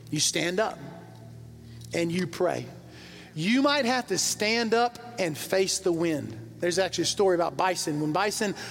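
A middle-aged man preaching in a big church hall, his voice high and gravelly with fry. He tells his stories plainly, then climbs into fervent, rising intensity. Long reverb trails off each phrase, and soft music plays underneath. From American South. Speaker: pastor. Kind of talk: sermon.

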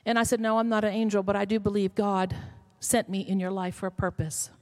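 A woman's voice: medium pitch, level tone, fairly quick. A middle-aged woman pastor, telling a story in a sermon that builds to emphatic calls.

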